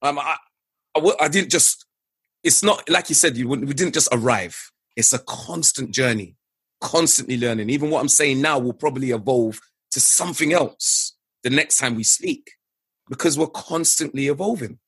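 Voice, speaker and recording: A man, a father, speaking as an interview guest in earnest, lively, reflective conversation. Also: medium pitch, moderate pace, slightly rough, no echo.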